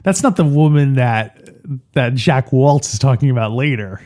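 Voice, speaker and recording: A man's voice: mid-range voice, normal speed, darkish tone. A man co-hosting a podcast in casual film chat, joking and laughing along with his partner. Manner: chatty, jokey, laughing along. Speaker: podcast co-host.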